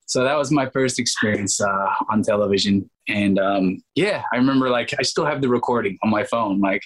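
A man in his thirties, an actor interviewed as a guest, telling stories in an animated way and acting out quotes. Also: on the low side, a little fast, hardly any pauses, poor audio. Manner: animated, acts out quotes in changed voices, laughs often. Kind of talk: casual storytelling interview.

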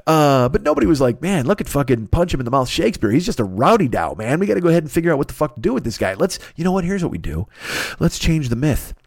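A man's voice: a little high, big pitch swings, fast talker, no room sound, studio quality. A man hosting his podcast from his apartment, rambling through a profane comedic monologue full of mocking voices. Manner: rambling, swears constantly, jumps into mocking character voices. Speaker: podcast host.

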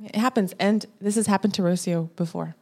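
A woman guest on a podcast, telling a story in a casual, animated way and acting out her own lines. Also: brisk. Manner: animated, acts out her own quotes with rising pitch.

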